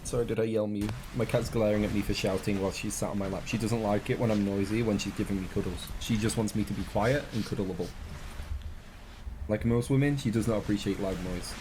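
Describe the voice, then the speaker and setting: A man's voice: lowish voice, steady tone, fairly quick, background noise. A man streaming a reaction to a video, chatting casually to his viewers with rambling, joking asides.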